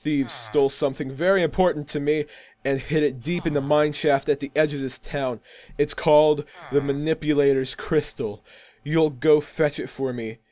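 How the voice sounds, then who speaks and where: An impatient, self-important townsman quest giver from a block-building game, curt and demanding, who treats his help as a favor, voiced by a man reading the dialogue aloud. The voice sits a little lower than the man's own, fairly high pitch. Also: steady tone, normal speed, a little mellow, close to an everyday voice. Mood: haughty.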